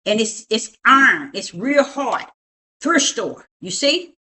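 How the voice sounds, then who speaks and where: A middle-aged woman, a prophetess, speaks in a bright, forceful voice that sits a little high. She is at home showing her things, and she talks in an emphatic, preachy way, pressing her point with repeated checks of "you see?". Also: sing-song, takes it slowly. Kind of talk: casual show-and-tell at home.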